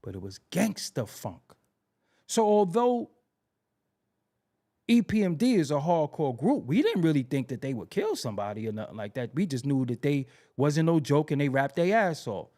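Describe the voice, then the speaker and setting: Speaking at a moderate pace in a voice on the high side, a man hosts a podcast about music history. His storytelling is casual and animated, and he often repeats things to stress them.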